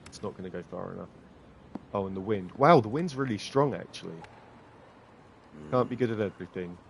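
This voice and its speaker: A man's voice: fairly low pitch, a little fast, vocal fry, noisy background. A man giving casual, self-mocking, sarcastic commentary while streaming a game.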